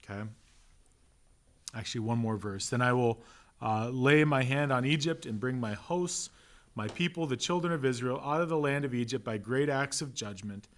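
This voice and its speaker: A pastor teaching a relaxed Bible class, conversational and joking, with an Upper Midwest American accent. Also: male voice, mid-range voice. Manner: conversational, asks "right?" often, acts out quick voices. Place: church classroom.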